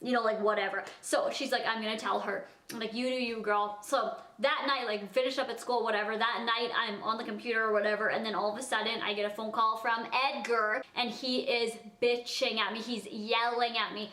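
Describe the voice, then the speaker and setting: Young woman vlogger, fairly high voice, chatty storytime delivery, roomy echo. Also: steady tone, brisk, few pauses, sharp tone. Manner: chatty, heavy use of "like", acts out dialogue. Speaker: vlogger telling a personal story. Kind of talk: casual storytime chat. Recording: echoey room.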